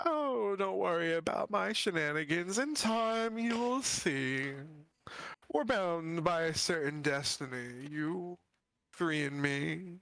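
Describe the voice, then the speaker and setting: A man playing a smug high-voiced lich. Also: expressive, takes it slowly, vocal fry, a bit bright, heavily acted. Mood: smug gloating. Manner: theatrical, smug, sing-song. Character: gloating male lich villain, oddly high after absorbing a slime.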